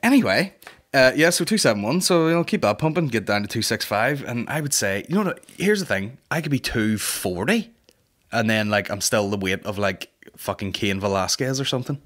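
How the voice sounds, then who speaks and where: A man's voice: mid-range voice, animated, a little fast, fairly bright tone. A man in his thirties hosting a comedy podcast, rambling and swearing in a boisterous casual monologue. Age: 30s. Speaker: podcast host.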